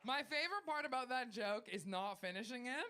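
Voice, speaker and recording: A woman's voice: on the high side, animated, brisk, very noisy. A woman with a North American accent performing a brash, crude stand-up set on a comedy club stage. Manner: brash, crude and self-mocking.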